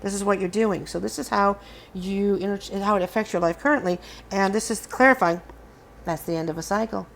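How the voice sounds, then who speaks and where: A woman's voice: mid-range voice, fairly quick, vocal fry, fairly bright tone, slight background noise. A woman hosting a casual collective tarot reading, speaking earnestly and encouragingly to her viewers. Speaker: tarot reader.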